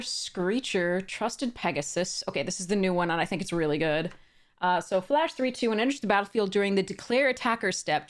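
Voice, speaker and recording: A woman talks through a card box opening in a casual, unscripted way. She reads the card text aloud in a mid-range voice and chuckles often. She trips over her words and starts sentences again. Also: medium pitch. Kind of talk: casual unboxing narration.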